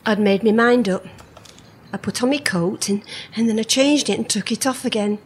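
A woman's voice: a little high, moderate pace, slight background noise, lightly acted. A woman playing a feisty miner's wife. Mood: reflective. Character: older northern miner's wife Hazel, plucky. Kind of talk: radio drama.

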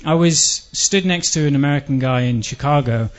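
A man with an English accent delivering a dry, rambling, self-deprecating comic monologue that breaks into shouted outbursts. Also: fairly high pitch, normal speed. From England. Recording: dull lo-fi recording.

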